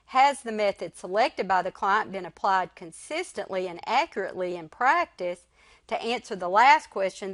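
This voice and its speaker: A woman lecturer reading a recorded slide lecture in a measured way. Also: medium pitch, a bit bright, no room sound.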